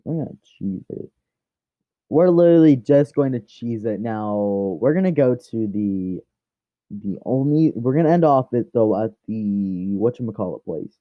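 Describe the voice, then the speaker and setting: A man's voice: mid-range voice, expressive, a little slow, no room sound. Rambling young-sounding man on a lo-fi mic. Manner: rambling, full of fillers and restarts. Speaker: fan storyteller. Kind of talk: casual rambling retelling of a fan story. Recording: dull lo-fi dry mic.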